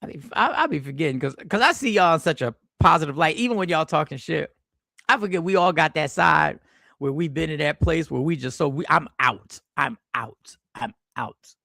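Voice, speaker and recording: A man hosting a casual livestream from an airport, greeting the chat by name and reacting to their comments in a lively, slangy way. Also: a little high, fairly quick, gravelly, dry recording, studio quality. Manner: animated, slangy, reacts to chat with sudden exclamations. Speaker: livestream host.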